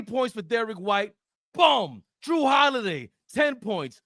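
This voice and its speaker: A very high-pitched man rattles through a post-game recap with hype and loud trash talk. His voice sits close and dry on the mic, with no room sound around it. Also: sing-song, slow, no echo. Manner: hyped, trash-talking, shouts insults. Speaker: podcast co-host.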